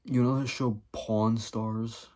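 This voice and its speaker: A man's voice: on the low side, little pitch movement, slow pace, mellow. A man vlogging in a rambling comedic monologue, profane and jumping from topic to topic.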